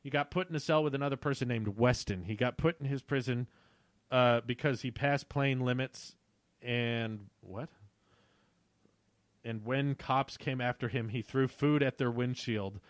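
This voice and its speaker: A man's voice: medium pitch, measured pace, no echo. Young man, reads old story aloud with amused commentary, dry close sound. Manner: amused, laughs at his own writing. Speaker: YouTuber reading his childhood story.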